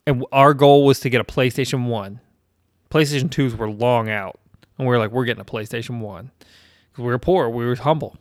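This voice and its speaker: A man's voice: mid-range voice, no echo, studio quality. Profane, rambling man in his thirties. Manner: rambling and profane, with self-deprecating laughs. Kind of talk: casual storytelling chat.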